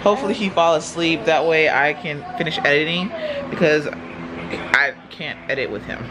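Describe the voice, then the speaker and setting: A young woman with a low-pitched voice talks at a moderate pace, vlogging casually to the phone she holds in her hand. She's a mom at home with her babies and calls her viewers "y'all." The home phone recording is noisy.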